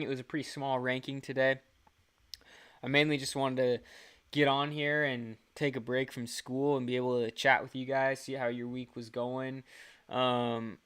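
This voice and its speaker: A man's voice: medium pitch, fairly bright tone, clean tone. A young man hosting his own channel, chatting casually and rambling on a livestream. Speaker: channel host.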